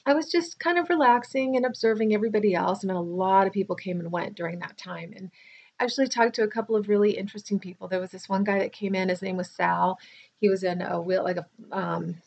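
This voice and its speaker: Tired middle-aged woman vlogger, chatty and rambling, gravelly voice, dull lo-fi audio. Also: medium pitch, fast, darkish tone. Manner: chatty, rambling, with restarts and asides. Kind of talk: casual personal storytelling to camera.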